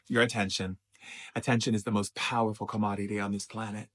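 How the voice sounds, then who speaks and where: Husky-voiced man giving an emphatic spiritual talk. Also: lowish voice, flat delivery, quick pace. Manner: emphatic, repetitive, preacherly. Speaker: spiritual teacher.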